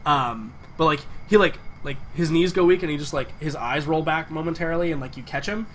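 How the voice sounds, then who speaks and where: A man's voice: on the high side, brisk, a little hiss or hum, rough recording. A man narrating a tabletop game as game master, rambling with many fillers.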